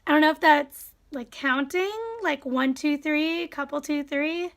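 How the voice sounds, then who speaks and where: A woman's voice: high-pitched, fairly even intonation, a little slow, fairly bright tone. A young woman from Wisconsin with a Wisconsin accent, casually reading through a word list and second-guessing how she says each word. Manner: reads a word list, musing aloud and second-guessing her pronunciations. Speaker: vlogger.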